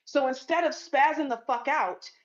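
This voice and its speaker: Blunt, profane high-voiced woman. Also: normal speed. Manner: blunt, profane, emphatic retelling. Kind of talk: storytime rant to camera. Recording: dull lo-fi sound.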